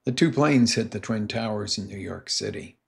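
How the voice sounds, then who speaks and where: Gravelly-voiced male motivational coach. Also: fairly low pitch, moderate pace. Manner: emphatic, animated storyteller. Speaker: life coach. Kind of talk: motivational talk with storytelling.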